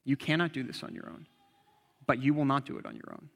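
A man's voice: mid-range voice, steady tone, fast talker, vocal fry, long reverb tail. A young man preaching an earnest, conversational sermon and quoting scripture.

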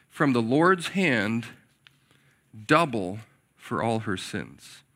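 A man delivers a sermon in an earnest, heartfelt way, circling back to repeat key words. His voice is bright and a touch higher than most men's. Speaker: pastor.

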